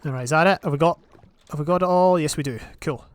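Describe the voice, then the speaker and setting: A young man giving casual, rambling commentary on his own gameplay, with sudden excited outbursts. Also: on the high side, quick pace, clear, resonant tone. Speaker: gaming channel host.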